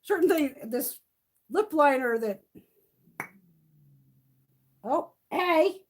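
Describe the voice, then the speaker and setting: A high, expressive female voice speaks extremely slowly. She's a middle-aged beauty vlogger on a casual live stream from home, swearing freely and cooing at her cats.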